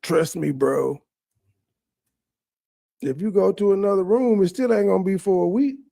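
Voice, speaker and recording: Male reaction host, mellow dark tone with fry, profane mocking commentary. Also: high-pitched, quick pace, a little hiss or hum. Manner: crude, sarcastic, heavy cursing.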